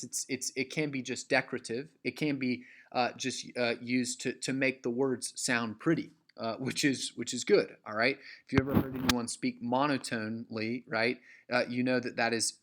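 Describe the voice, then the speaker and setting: A man's voice: medium pitch, fairly bright tone. A man teaching a recorded literature lecture, acting out stresses in words, with frequent "uh"s and restarts.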